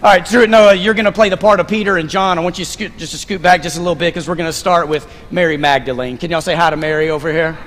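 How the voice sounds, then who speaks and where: High-voiced pastor in an echoing sanctuary. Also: male voice, fast, few pauses. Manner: animated, directing volunteers on stage with playful asides. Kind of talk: sermon. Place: church stage. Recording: long reverb of a large sanctuary.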